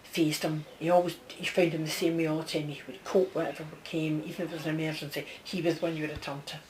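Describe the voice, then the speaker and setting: A woman's voice: deep voice, little pitch movement, fast talker, darkish tone, poor audio. A woman giving a one-to-one reading as a medium, chatty, passing on messages and checking in often with the person she is reading for. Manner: chatty, relays messages, keeps checking with the sitter. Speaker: psychic medium.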